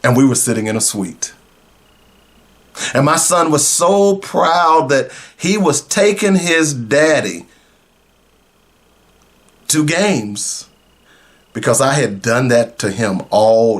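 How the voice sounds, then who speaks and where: Middle-aged male radio host, earnest storyteller, emotional, mid-pitched voice. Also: expressive. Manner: emotional, earnest, slow in places. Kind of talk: personal storytelling.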